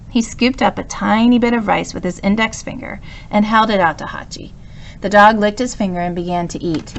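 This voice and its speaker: A woman narrating a children's story, reading aloud in a calm, even manner. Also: medium pitch, a little fast, gravelly, a little hiss or hum. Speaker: storybook reader.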